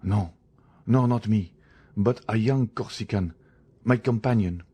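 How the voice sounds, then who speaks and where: Guy doing a scared shifty convict, pleading and evasive, husky voice. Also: fairly low pitch, unhurried, dark tone. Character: frightened sly escaped convict, man. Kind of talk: audiobook character reading.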